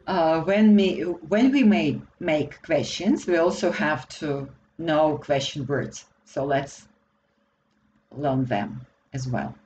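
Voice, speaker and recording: Slovak-accented woman teacher, slow patient drills, faint room hum behind. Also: sits low, a little mellow, highs cut off. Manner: slow and deliberate, repeating words for learners. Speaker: language teacher. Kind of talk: slow grammar lesson for beginners.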